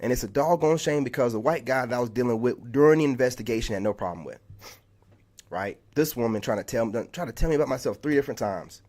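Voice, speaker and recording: Talking quickly in a medium pitch with a darkish tone, a content creator unloads in a vlog monologue. He's exasperated and heated, repeating himself as he tells the story and leaning heavily on "man."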